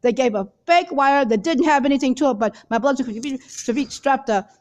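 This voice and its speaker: A woman speaking to viewers in a hurried, rambling monologue full of repeated fillers and restarts. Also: sits high, darkish tone. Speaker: video blogger.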